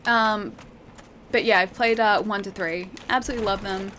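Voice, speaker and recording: A woman's voice: medium pitch, fairly even intonation, moderate pace, fairly bright tone, slight background noise. A woman game streamer chatting casually with viewers, enthusiastic and full of fillers. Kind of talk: casual chat answering viewers during a live stream.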